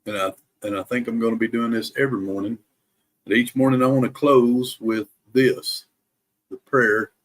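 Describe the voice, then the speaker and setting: A man hosting a daily Bible live stream, reading scripture aloud slowly and deliberately, careful to pronounce every word, with casual asides to his viewers. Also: mid-range voice, steady tone, a little hiss or hum.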